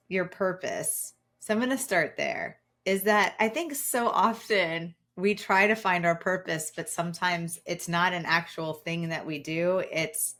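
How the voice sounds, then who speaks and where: A woman in her forties, a podcast guest, telling a personal story with lively, acted-out quotes and frequent fillers. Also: lowish voice, a little slow, few pauses. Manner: animated storyteller, acts out quoted voices, fillers like "like" and "right". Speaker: guest, keynote speaker.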